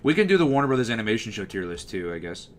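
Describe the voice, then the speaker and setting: A man with a bass-baritone voice, casually chatting on a livestream and answering messages from chat. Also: big pitch swings, very fast, slight background noise. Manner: talkative, answers chat messages as they come in. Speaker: livestream host.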